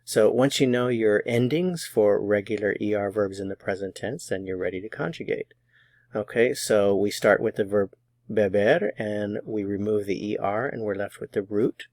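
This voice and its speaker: A man teaching a Spanish grammar lesson, explaining patiently and methodically, slowing down to model example phrases. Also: on the low side, a little mellow, no echo, studio quality.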